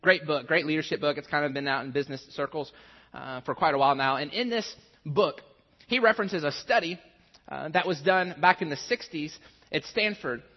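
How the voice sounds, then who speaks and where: A man's voice: a little high, fairly quick. A man in his thirties, a pastor, preaching a sermon and telling a self-mocking personal story. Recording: dull sound with long hall reverb.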